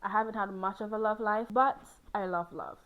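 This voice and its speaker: A woman's voice: medium pitch, steady tone, a little fast, phone-quality sound, slight background noise. A young woman hosting, speaking candidly and playfully about love and relationships, laughing often. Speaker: host on a hot seat. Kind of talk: candid personal talk on love.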